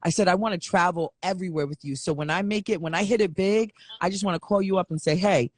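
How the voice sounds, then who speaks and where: A woman's voice: on the low side, quick pace, dry recording, clean studio sound. Young woman hosting a casual chat. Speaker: host.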